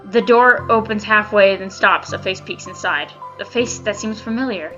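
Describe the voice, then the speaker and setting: A woman with a mid-range voice reads a visual novel's text aloud while playing, reacting with blunt, emotional commentary full of swearing, still teary from crying. She talks at a normal speed with few pauses and a sharp tone, like a let's-play gamer. The audio is dull, with soft music in the background.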